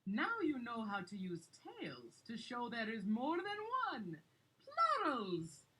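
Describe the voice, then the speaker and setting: A woman voicing an excitable inventor who shows off a machine in an educational cartoon, speaking theatrically. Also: on the high side, takes it slowly, husky, full character voice. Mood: instructive. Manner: theatrical, exclamatory. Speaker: scientist presenting an inventor's lab. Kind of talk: animated educational video narration.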